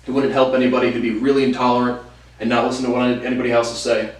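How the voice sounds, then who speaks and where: A man's voice: medium pitch, level tone, racing. Guy in his late 20s ranting about family stuff, lots of cursing, roomy echo, sits back from the mic. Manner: rambling, repetitive, crude and heated. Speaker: vlogger. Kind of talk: casual monologue storytelling. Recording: echoey room, mic at a distance.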